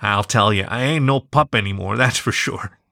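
A man voicing an old grandfather dog who talks slowly in a folksy way. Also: fairly low pitch, gravelly. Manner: slow, folksy and warm-hearted.

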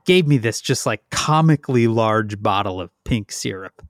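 A man's voice: on the low side, animated, moderate pace, no echo, clean studio sound. A middle-aged man co-hosting a podcast, telling a rambling, self-deprecating story in casual chat, a little out of breath. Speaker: podcast co-host.

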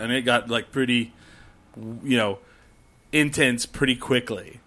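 A man in casual conversation, telling camping stories in a rambling way. He swears freely and acts out loud campers as he goes. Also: medium pitch, steady tone, unhurried. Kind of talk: casual chat.

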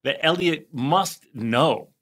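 Bright-voiced eager man host. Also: on the high side, animated, takes it slowly. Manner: eager, talks over others, repeats himself. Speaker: podcast host. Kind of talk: casual chat.

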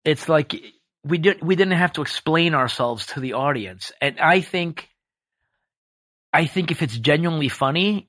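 Brief: man, slightly high voice, playful podcast guest, dry close mic. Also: dry recording. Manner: animated, jokey, slips into impressions. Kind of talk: casual podcast chat.

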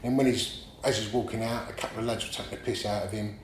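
A man, a guest telling animated stories in casual chat, often laughing and swearing. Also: fairly low pitch, fast. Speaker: guest artist. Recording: echoey room, faint background noise.

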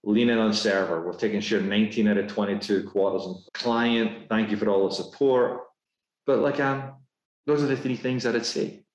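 A man's voice: fairly low pitch, fairly even intonation. Upbeat Scottish man in a roomy space. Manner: brisk and upbeat, with frequent fillers. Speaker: guest executive. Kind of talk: casual podcast interview. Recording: roomy echo.

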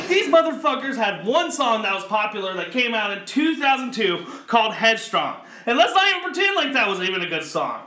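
A man co-hosting a podcast in casual chat, ranting in a profane, animated way. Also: high voice, reverberant. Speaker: podcast co-host.

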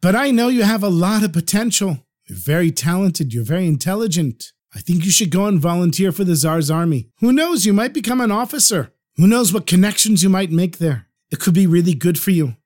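A man's voice: high voice, lively intonation, fairly quick, few pauses, a little mellow. A man voicing a kindly old male farmer, speaking in an encouraging, fatherly way.

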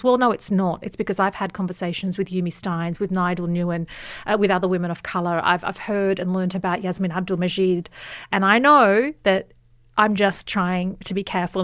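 A woman's voice: medium pitch, no room sound. Frank Australian woman, studio guest. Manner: frank and candid, with cheeky humour. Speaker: guest author and journalist. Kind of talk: conversational interview. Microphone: studio microphone.

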